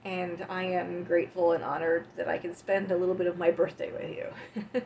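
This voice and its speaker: A woman's voice: on the low side, little pitch movement, brisk, gravelly, darkish tone. Woman in her 40s, livestreamer, casual chat, teary and affectionate, slightly muffled lo-fi audio, faint hiss behind. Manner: tearful and affectionate, talking to chat. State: emotional, close to tears.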